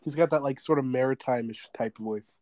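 A man's voice: medium pitch, brisk, a little mellow, no echo. A young man co-hosting a podcast, telling stories animatedly and laughing often. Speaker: podcast co-host. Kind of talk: casual chat.

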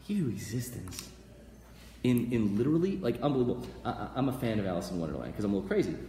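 A man teaching a live class as a rabbi, energetic and blunt, often repeating words. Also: lowish voice, very fast. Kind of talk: animated live lecture. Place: lecture hall, live audience. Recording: echoey hall with faint noise.

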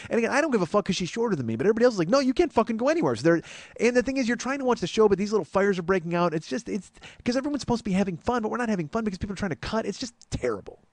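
Fast-talking profane man telling a story. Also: high voice, dry recording. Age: 40s. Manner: profane, exasperated, animated retelling. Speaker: comedy podcast host. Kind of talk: storytelling monologue.

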